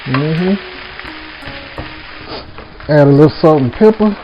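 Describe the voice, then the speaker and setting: A man hosts a casual home cooking vlog from his home kitchen, talking to viewers in an easy, folksy way and repeatedly calling them "y'all." His slightly high voice is animated but slow. The lo-fi audio sounds dull, with a music bed and a sizzling pan behind him.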